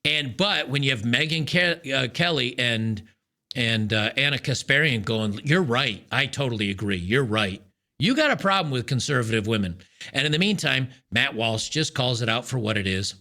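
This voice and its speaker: A man's voice: mid-range voice, lively intonation, normal speed, gravelly, pushed and bright. A man hosting his own commentary show, talking casually and with frustration, with frequent restarts and fillers. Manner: frustrated, ranting, many restarts. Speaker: podcast host.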